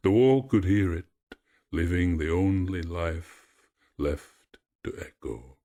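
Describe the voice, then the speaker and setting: A man narrating a myth in a measured, expressive storytelling voice. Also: sits low.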